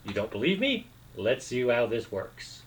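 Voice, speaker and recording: A man's voice: mid-range voice, very animated, normal speed, poor audio. A man rambling casually as a video host, hesitating often with fillers and restarts, and now and then breaking into short bits of song.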